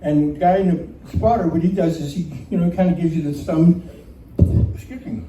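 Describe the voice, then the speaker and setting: A man telling a personal story live to a room, animated and laughing as he goes. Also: fairly high pitch, moderate pace, far from the mic. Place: community center room. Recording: roomy hall recording from off-mic.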